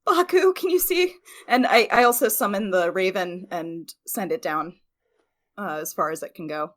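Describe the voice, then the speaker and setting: A woman's voice: on the low side, fairly even intonation, moderate pace. A woman playing a tabletop game, teasing and laughing often. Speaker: player. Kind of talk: casual tabletop play.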